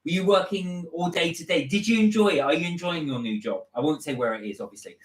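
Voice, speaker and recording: A man's voice: fairly high pitch, fast talker, reverberant. A man co-hosting a casual live stream, reading viewer comments aloud with hesitations.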